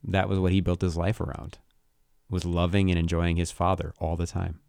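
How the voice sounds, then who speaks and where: A man co-hosting a podcast, talking through a Bible passage in a thoughtful, halting way with frequent restarts. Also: low voice, little pitch movement, vocal fry, darkish tone, clear, resonant tone, dry recording, studio quality. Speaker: podcast co-host. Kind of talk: casual Bible discussion.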